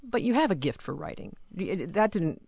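A man hosting a radio call-in program, asking a guest questions in a relaxed, probing way with plenty of fillers. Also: sits high, fairly quick, dry recording. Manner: conversational, probing, hesitant fillers. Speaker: radio show host.

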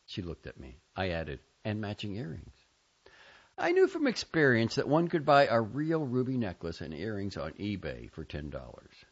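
Expressive low-voiced male story narrator. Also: normal speed, few pauses, husky, highs cut off. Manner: expressive reading with big swings between quiet and loud lines. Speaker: audiobook narrator. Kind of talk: scripted first-person narration.

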